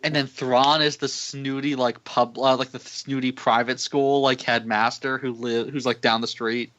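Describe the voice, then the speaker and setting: A man co-hosting a casual podcast chat, joking and acting out quick bits of dialogue between laughs. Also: mid-range voice, little pitch movement, a bit bright, highs cut off. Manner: jokey, acts out quick impressions, laughs often. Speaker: podcast co-host.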